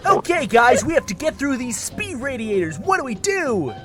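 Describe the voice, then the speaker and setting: A man voicing a shrill, manic young male gang leader who yells crude insults. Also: big pitch swings, moderate pace. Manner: squealing, crude shouted insults. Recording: music playing loudly behind.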